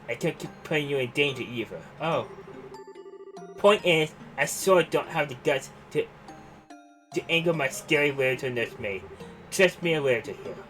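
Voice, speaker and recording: A man voicing a gruff, tough young man in a game, with rough, slangy, blustering talk. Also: mid-range voice, fairly bright tone, lightly acted. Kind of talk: reading game dialogue aloud.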